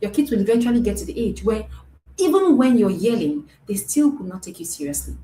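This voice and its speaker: With a sing-song, mellow voice at medium pitch, a woman coaches parents fairly quickly in a live-streamed talk. Her manner is earnest and repetitive, punctuated by frequent "right?" checks, and the audio has room echo plus faint noise.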